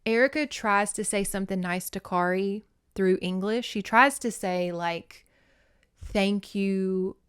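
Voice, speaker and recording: A woman hosts a casual book recap with a chatty, animated delivery and frequent swearing. Her voice is smooth and clear. The recording is dry and close-miked. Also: mid-range voice, moderate pace, no echo. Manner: chatty, swears, laughs often, animated retelling. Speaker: host reviewing books.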